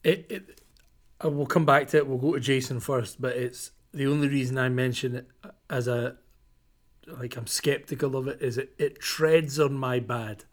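A man co-hosting a casual podcast, steering who talks next, with animated, halting delivery. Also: medium pitch. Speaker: podcast co-host running the segments. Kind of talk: casual wrestling podcast chat.

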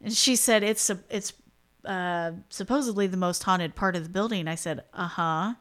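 A woman's voice: lowish voice, normal speed, fairly bright tone. A woman co-hosting a podcast in casual chat, laughing often and acting out quoted dialogue. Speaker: podcast co-host.

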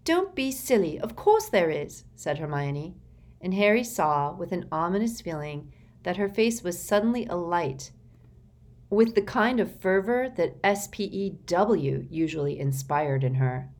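A woman reading an audiobook with expressive storytelling narration. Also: lowish voice, unhurried.

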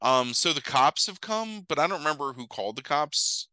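A man's voice: fairly high pitch, moderate pace, dry recording, rough recording. A man in casual chat, rambling and swearing as he retells a film plot. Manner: rambling, profane, animated retelling with quoted voices. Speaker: podcast co-host recapping a movie.

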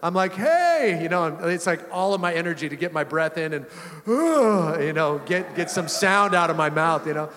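A male pastor preaches with a loose, chatty storytelling manner and often chuckles mid-sentence. His voice sits a little higher than most men's. Each phrase rings out with a long reverb, as in a large church hall. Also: a little fast, few pauses. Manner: conversational, animated, chuckling often. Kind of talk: storytelling sermon.

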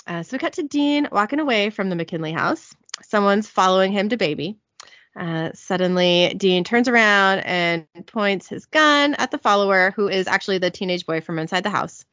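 A woman's voice: medium pitch, lively intonation, moderate pace, a bit bright, no echo. A young woman hosting a casual recap podcast, chatty, with lots of "like"s and self-corrections. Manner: chatty, many "like"s and self-corrections, laughs often. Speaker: podcast host. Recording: dull lo-fi dry audio.

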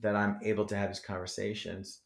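A man from New Jersey rambles animatedly through an interview, swearing freely. His voice sits somewhat low. The room adds a roomy echo. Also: flat delivery, fairly quick, gravelly. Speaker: rapper, podcast guest. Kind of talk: casual interview chat. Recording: echoey room.

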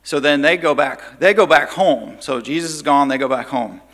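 A man leads a Bible study, retelling the story in a conversational way and briefly voicing the quoted lines. His voice is bright and forceful, and a long hall reverb trails after it. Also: on the high side, normal speed. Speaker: Bible teacher.

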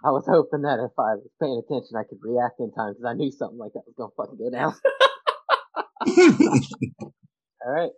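A man's voice: mid-range voice, racing, few pauses, slightly rough, no echo, poor audio. A man playing in a tabletop role-playing game, chatting casually and swearing now and then. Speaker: player.

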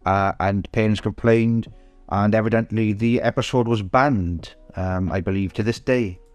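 A man's voice: on the low side, fairly even intonation, normal speed, no echo, faint music behind. A man co-hosting a casual podcast chat. He talks with many ums, uhs and restarts. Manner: hesitant, lots of ums and restarts. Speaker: podcast co-host.

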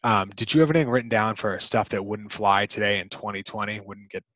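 Low-voiced man chatting about movies. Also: fairly quick, fairly bright tone, no echo, poor audio. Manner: rambling, chatty with many fillers. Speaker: podcast co-host. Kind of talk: casual movie discussion.

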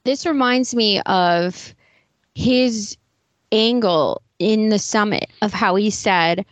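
A woman co-hosting a podcast who speaks in a skeptical, measured way and reads book passages aloud. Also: mid-range voice, no room sound. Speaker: podcast co-host. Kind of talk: casual chat and reading book passages aloud. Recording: slightly dull, dry sound.

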